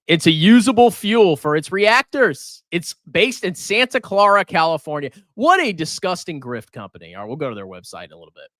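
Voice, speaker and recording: A man's voice: high-pitched, sing-song, brisk, hardly any pauses, a bit bright, no echo, clean studio sound. A man ranting sarcastically as he reviews a stock on a personal finance live stream, insulting the buyers.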